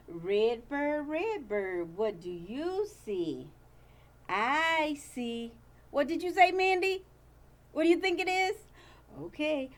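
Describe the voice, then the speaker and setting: A teacher reading a picture book aloud to young children, using a sing-song, playful delivery and stopping to ask them questions. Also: female voice, a little high.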